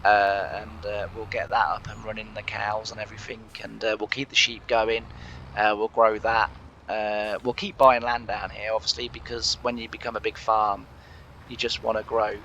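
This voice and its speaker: A man's voice: lowish voice, little pitch movement, normal speed, bright, forceful tone, muffled recording, a little hiss or hum. An English man with a sore throat, chatting casually over a farming game with lots of fillers and restarts. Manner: rambling, many fillers and restarts. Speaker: gaming channel host. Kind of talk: casual let's play commentary.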